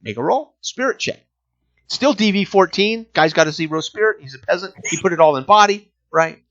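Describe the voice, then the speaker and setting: A man hosting a casual talk about game design, animated and profane, acting out scenes from the gaming table in quick asides. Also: sits high. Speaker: game designer and podcast host. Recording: dull lo-fi recording.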